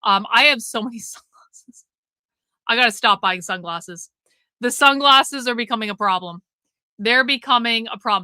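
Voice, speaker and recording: A woman's voice: on the high side, normal speed, long pauses, bright, forceful tone, no room sound. A woman hosting a live commentary stream, talking in a profane, emphatic, repetitive rant. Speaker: livestream host.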